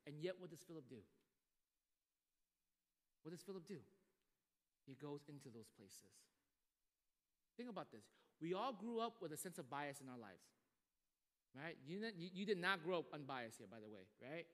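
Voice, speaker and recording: A man preaching a sermon to a congregation, animated and acting out the people he quotes. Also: on the high side, normal speed, long pauses. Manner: animated, acts out quoted voices. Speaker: pastor. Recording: long hall reverb.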